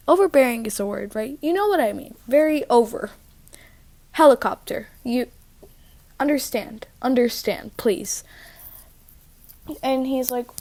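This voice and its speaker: A woman's voice: on the high side, animated, measured pace, pauses often, a little mellow, no echo. A woman telling a story in a chatty, rambling vlog, interrupting herself often, recorded on her own mic at home. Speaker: vlogger. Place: living room at home. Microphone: own microphone.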